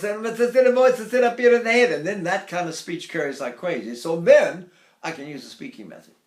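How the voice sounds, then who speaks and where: Casting: older voice teacher, high-pitched, breaks into sung demos, recorded in a roomy space. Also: male voice, animated, a little fast. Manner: demonstrates by sighing and singing phrases high. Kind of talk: vocal technique lesson. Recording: echoey room.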